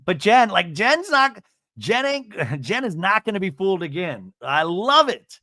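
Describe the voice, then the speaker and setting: Animated, chatty male podcast host. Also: a little high, a little slow, no room sound, studio quality. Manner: chatty, animated, full of "like" and "you know". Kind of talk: reality TV recap commentary.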